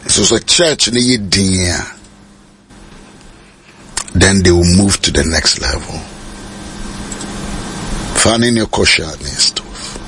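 A man preaching a sermon, mixing Twi and English and rising to high shouted peaks. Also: slow pace, long pauses, a little hiss or hum.

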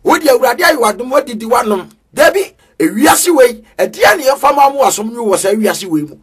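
A man preaching an energetic street sermon, chanting in a sing-song way with bursts of shouting. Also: extremely high pitch, brisk, husky.

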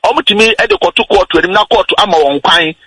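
A man on a radio talk show, patiently explaining how wills and estates work, slowing down on his key points. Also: sits high, very animated, bright, forceful tone, husky, no room sound, low-quality recording. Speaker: legal explainer guest.

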